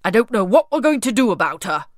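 A woman voicing a grumpy, boastful old king who grumbles and gloats loudly. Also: medium pitch, very animated, fast, no echo, studio quality, pitched above the performer's own voice, lightly acted. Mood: grumbling. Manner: blustering, loud and gloating.

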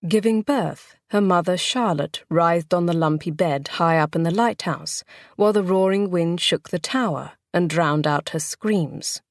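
A woman with a lowish voice reads an audiobook script in a measured, expressive storytelling style. The studio sound is clean, with no echo.

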